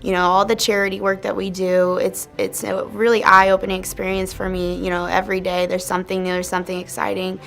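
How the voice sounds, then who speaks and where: Female employee, upbeat, monotone and a bit creaky. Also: medium pitch, fairly quick, few pauses. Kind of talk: interview.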